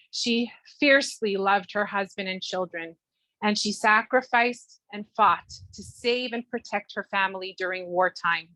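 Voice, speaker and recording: A middle-aged woman, a mother, reading a heartfelt speech at her daughter's bat mitzvah, measured and sprinkled with Hebrew terms. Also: mid-range voice, bright, forceful tone, no room sound, poor audio. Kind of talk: read-aloud family speech. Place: Toronto.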